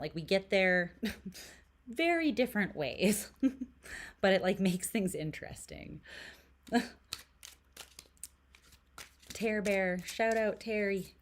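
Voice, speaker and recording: A woman's voice: deep voice, a little hiss or hum. A woman from Canada doing a casual tarot reading to camera, chatty and giggly, full of "like" and dropping into whispered asides. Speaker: tarot reader.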